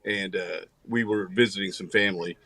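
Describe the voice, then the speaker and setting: A man co-hosting a podcast, chatting casually and telling relaxed stories. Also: sits low, moderate pace, no echo. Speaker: podcast co-host. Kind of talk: casual chat.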